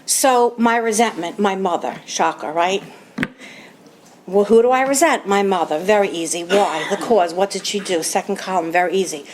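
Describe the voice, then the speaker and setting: A woman's voice: mid-range voice, a little hiss or hum. A woman in her fifties or older from New York, giving a candid, self-mocking personal testimony as a recovery meeting speaker.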